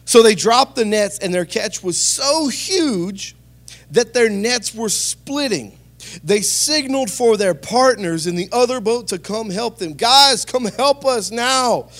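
A man preaching a sermon in a conversational way, telling stories and rising to emphatic calls to the congregation. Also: sits high. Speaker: pastor.

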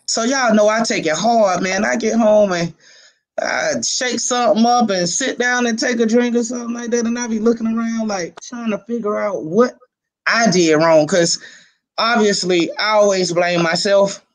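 Casual male interviewee, high-pitched man, animated storyteller, from Miami. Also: moderate pace. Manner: animated storyteller, laughs often. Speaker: youth football coach.

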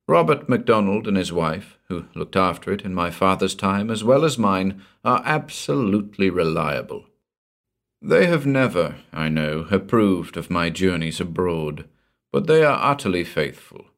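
A man narrating a short story in a measured, deliberate reading. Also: low voice. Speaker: audiobook narrator.

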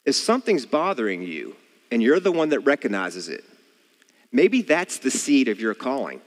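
An earnest male preacher who works through a story and keeps putting rhetorical questions to the listeners, his pitch swinging widely. His voice carries a long reverb, like a church hall. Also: sing-song, normal speed. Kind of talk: sermon.

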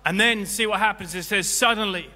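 A man preaching a sermon as pastor, impassioned, swinging between loud peaks and quiet low stretches. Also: normal speed. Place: church hall. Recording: long hall reverb with faint music.

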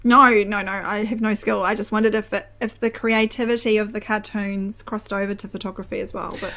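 A woman's voice: medium pitch, level tone, brisk, sharp tone. A young woman with a New Zealand accent chats easily, her voice sitting in a middle register. She drifts through stories with plenty of ums and restarts and laughs often. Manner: chatty, laughs often, many fillers and restarts. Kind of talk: casual chat.

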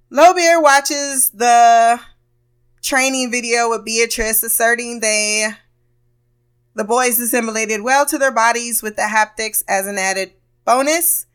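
A woman's voice: fairly high pitch, slow, long pauses, fairly bright tone, smooth. A woman hosting a podcast, recapping a TV episode in a loose, blunt and profane way, laughing often and acting out characters' lines. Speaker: podcast host.

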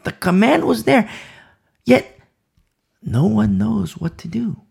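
A man's voice: high voice, slow, vocal fry, a little mellow, husky. A man preaching a Bible sermon, emphatic and repeating key phrases for emphasis.

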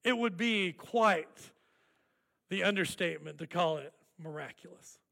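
A man preaching a sermon as pastor, deliberate and emphatic, drawing out key words. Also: sits high, gravelly, bright, forceful tone, long reverb tail.

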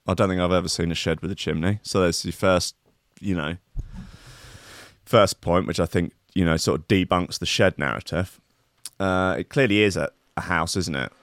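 A man's voice: low voice, moderate pace, a bit bright, no room sound, studio quality. A man hosting a comic show, riffing on odd news stories in a rambling, sardonic, sweary way. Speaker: host. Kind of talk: comic commentary on news clips.

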